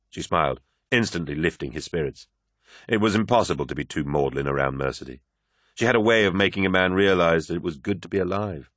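A man narrating a novel in an expressive storytelling manner. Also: deep voice, fairly quick, no echo, studio quality. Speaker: audiobook narrator. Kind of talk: scripted narration.

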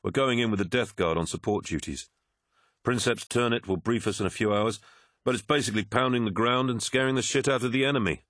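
A man's voice: mid-range voice, brisk, a bit bright, dry recording, studio quality, voice pushed up, lightly acted. A man voicing a worried, pragmatic male officer who pleads urgently in a raised voice in an audiobook. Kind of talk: audiobook character voice.

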